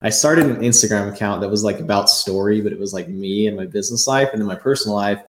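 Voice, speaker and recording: A podcast host with a lowish voice talks fast in an echoey room, upbeat and enthusiastic through a casual interview. He keeps stammering, restarting, and dropping in lots of "like"s.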